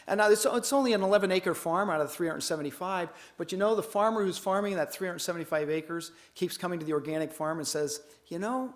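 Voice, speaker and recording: A man giving a conference keynote in a folksy, storytelling way, acting out the dialogue of the people in his stories. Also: high-pitched. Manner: folksy, animated, acts out dialogue. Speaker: keynote speaker.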